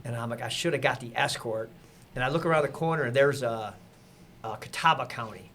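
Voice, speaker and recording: A man, a podcast guest, telling a lively story in casual conversation and acting out the people he quotes. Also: mid-range voice, a little fast, a little hiss or hum. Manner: animated, acts out quotes with laughter.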